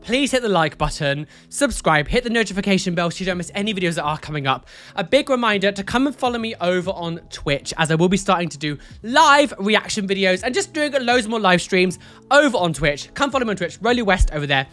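A man's voice: high-pitched, expressive, fairly quick, sharp tone, faint music behind. A young man hosting a casual reaction video, camp and flamboyant, with playful exclamations. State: out of breath. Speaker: host.

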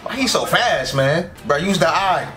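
A man giving casual, excitable reaction commentary as an anime reaction YouTuber, full of slang and quick exclamations. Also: fairly high pitch. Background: anime episode audio with music.

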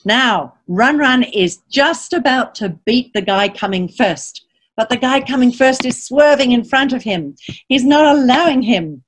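Animated woman reading a picture book. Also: fairly high pitch, measured pace. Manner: animated storyteller, asks listeners questions; reads rhyming verse in lively sing-song. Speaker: children's author.

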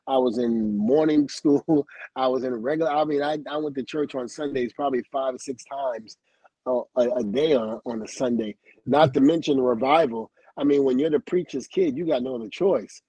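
A man's voice: medium pitch, moderate pace, slightly rough, dry recording, poor audio. A middle-aged man telling stories from his career as a livestream guest, acting out what others said and laughing often. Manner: lively storyteller who acts out quoted dialogue, laughs often, swears.

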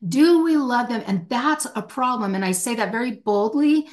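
A woman's voice: on the high side, expressive, normal speed. Emphatic middle-aged woman, passionate. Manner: passionate, emphatic, acts out quoted speech. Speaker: hostage negotiator, podcast guest. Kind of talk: emphatic podcast interview answer.

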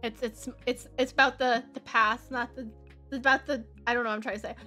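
With soft music playing, a woman streamer chats casually while she draws, rambling and giggling in a Valley Girl accent full of "like." Her voice is on the high side, steady in tone, and brisk.

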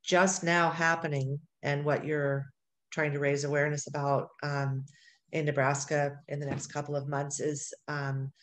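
A woman's voice: deep voice, little pitch movement, normal speed, fairly bright tone. A woman interviewer who affirms her guest and sums up what she has heard. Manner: affirming, summarizing back. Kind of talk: conversational interview.

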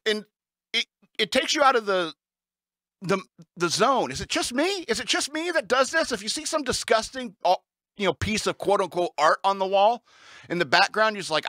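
A man's voice: high-pitched, moderate pace, no room sound. Radio host guy ranting about bad art, rambling and incredulous, dry close mic. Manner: rambling, incredulous storytelling with animated asides. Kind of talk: comedic talk-radio monologue.

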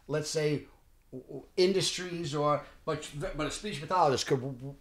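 A middle-aged man, an actor telling animated stories on a podcast. He often restarts sentences and acts out what people said. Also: fairly high pitch, moderate pace. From Bensonhurst, Brooklyn, New York. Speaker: actor guest. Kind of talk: casual podcast storytelling.

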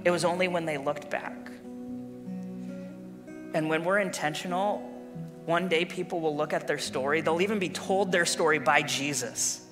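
Male pastor, earnest animated sermon delivery; long hall reverb, guitar bed. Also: fairly high pitch, normal speed. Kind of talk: sermon with read-aloud story.

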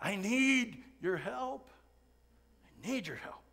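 A man's voice: very high-pitched, lively intonation, slow pace, gravelly, sharp tone, voice pushed up, exaggerated voice. A man preaching, voicing a desperate young man hiding in a cave and begging God for help. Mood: pleading. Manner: pleading, raised and urgent.

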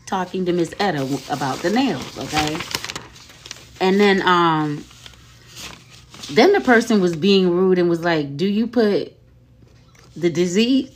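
Woman, commentary host, casual gossip, somewhat low voice, chatty, laughing. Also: measured pace, long pauses, slight background noise. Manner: chatty, laughing, repeats "okay?" and "y'all". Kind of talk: casual commentary on social media drama.

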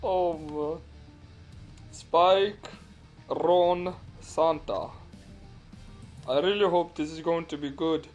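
A man putting on a fake Russian accent to play a crude, excitable commentator called Vladimir, swearing and laughing over a game. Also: a little high, extremely slow, pauses often, faint music behind. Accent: put-on Russian accent. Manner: swears a lot, laughs and yelps at crashes. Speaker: gameplay commentator. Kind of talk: comic game commentary in character.

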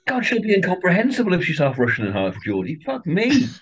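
Husky man, lively and wry. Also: sits high, fast. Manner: opinionated, swears freely, wry asides. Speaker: podcast co-host. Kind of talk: casual chat.

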